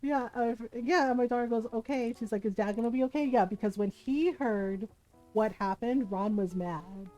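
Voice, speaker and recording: A woman's voice: fairly high pitch, normal speed, dark tone, faint music behind, low-quality recording. A middle-aged woman streaming, telling stories in casual chat and laughing often as she talks. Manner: chatty storyteller, laughs often.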